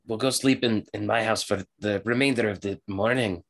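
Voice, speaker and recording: A man voicing a grumpy little old male halfling with a white beard, speaking in a high squawking voice with rough slang. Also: fairly even intonation, normal speed. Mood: grumbling. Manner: cockney-ish slang, "me tail", high squawk.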